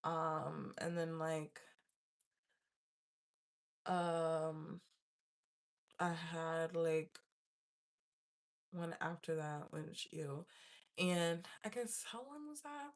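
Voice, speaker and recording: This young woman's low voice draws out words and leaves long pauses as she casually tells her viewers a story. The vlogger is animated, laughs often, and acts out the panic she once felt.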